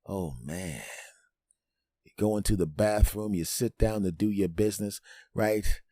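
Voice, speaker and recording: A man hosting a show, telling a comedic monologue with animated delivery, sudden pitch jumps and frequent asides asking "right?". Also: normal speed, no echo, studio quality. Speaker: host.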